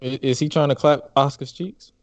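A man's voice: medium pitch, steady tone, brisk, a crowd in the background. A man co-hosting a casual wrestling chat, blunt and swearing freely. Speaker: podcast co-host.

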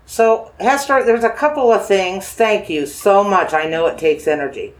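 A paranormal investigator speaks in a mid-range voice, using dowsing rods to gently question a spirit. They offer coaxing reassurance, repeat phrases, and ask their yes-or-no questions slowly.

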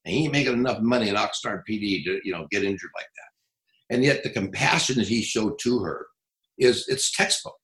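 A middle-aged man working as a police trainer, telling stories in an interview in a blunt, profane, animated way. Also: fairly low pitch, brisk, reverberant, poor audio. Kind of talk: casual interview storytelling.

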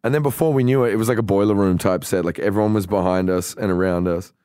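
A man's voice: fairly low pitch, fast, dark tone, smooth, no echo, clean studio sound. An Australian man hosting a podcast, telling a long story in loose, casual speech full of swearing. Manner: loose, swearing, acts out quoted voices. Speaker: podcast host.

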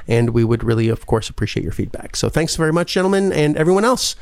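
A man's voice: on the high side, lively intonation, quick pace, creaky, no room sound. Man, podcast host, upbeat, dry close sound. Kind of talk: casual chat and sign-off.

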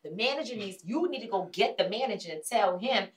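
A woman hosting a casual talk show, telling a story with animated delivery, acting out other people's lines and swearing bluntly. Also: mid-range voice, a little fast. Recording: voice a bit distant from the mic.

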